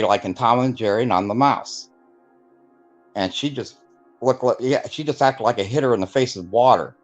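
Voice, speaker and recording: A man's voice: lowish voice, lo-fi sound. A man telling his life story in a casual interview, rambling with many fillers and acting out the voices of people he quotes. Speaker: guest telling his testimony.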